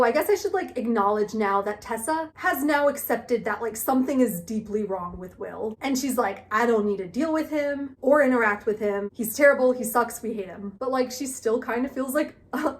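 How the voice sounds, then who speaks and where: A young woman doing a chatty, gushing book recap full of self-mocking asides. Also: a little high. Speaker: book vlogger.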